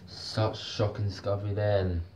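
Male reviewer, casual video review, slow delivery, lowish voice, rambling, repetitive, lots of ums. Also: little pitch movement, a little mellow, slight background noise. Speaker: TV soap reviewer.

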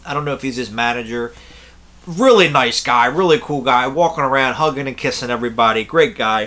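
A young man with a bright, forceful voice talks casually to camera. He rambles from one point to the next and swears without a second thought. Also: mid-range voice. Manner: rambling, blunt, swears freely. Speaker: concert reviewer.

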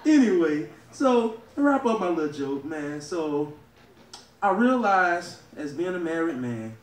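Southern guy doing stand-up, kinda high voice, echoey club sound from far off. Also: sing-song, slow, a little hiss or hum. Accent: Southern American. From Louisiana. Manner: loud, crowd-working, laughing at own jokes. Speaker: stand-up comedian. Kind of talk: live stand-up comedy. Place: comedy club stage. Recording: echoey club room, heard from afar.

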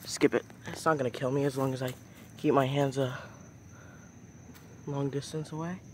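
A man's voice: medium pitch, steady tone, moderate pace, darkish tone, slight background noise. A young man vlogging outdoors at night on a phone, narrating casually and exclaiming in squeamish alarm about bugs. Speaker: nature vlogger.

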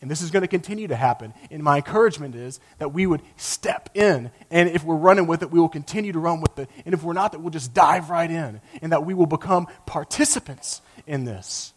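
A man preaching a sermon with passion, rising to loud emphatic peaks and dropping to a low, quiet voice, sometimes acting out quoted lines. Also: a little fast, hardly any pauses. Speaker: pastor.

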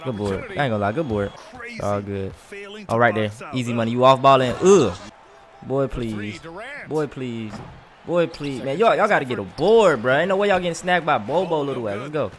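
A man gives excitable, trash-talking commentary while playing a basketball video game, swearing often. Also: medium pitch, a little fast. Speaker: gaming streamer. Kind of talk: casual gameplay commentary.

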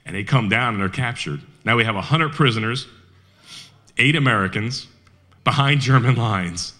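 Man speaker, animated storyteller, crisp bright tone, mid pitch, slips into short quoted voices. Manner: animated storyteller, quick quoted asides in character. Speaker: historian speaker. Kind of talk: storytelling talk. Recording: radio broadcast of a live talk.

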